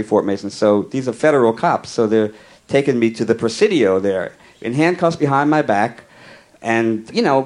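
A male comedian telling a long comic story in a wry, conversational way, with deadpan asides. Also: fairly high pitch.

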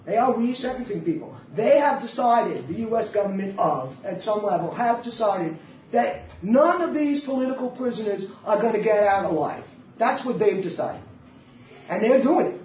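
A woman's voice: medium pitch, lively intonation, moderate pace. A woman activist speaking bluntly and defiantly at a public meeting, telling stories with animation. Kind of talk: impassioned live talk. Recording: echoey hall, distant mic, dull sound, faint hiss.

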